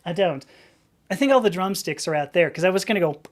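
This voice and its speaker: A woman's voice: lowish voice, expressive, fast talker, slight background noise. A woman hosting a live stream, chatting casually in a rambling way and laughing often.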